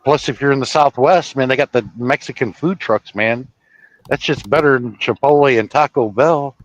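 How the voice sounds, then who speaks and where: A man's voice: mid-range voice, moderate pace, rough recording. A man who drives a truck, chatting casually on a live stream from his truck cab, rambling through stories with swearing and false starts. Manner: storytelling with swearing and restarts.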